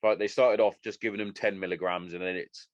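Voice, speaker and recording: A man's voice: sits low, fairly quick, no room sound, lo-fi sound. A man hosting a podcast, swearing freely as he tells stories in casual chat. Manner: sweary, animated storytelling. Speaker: podcast host.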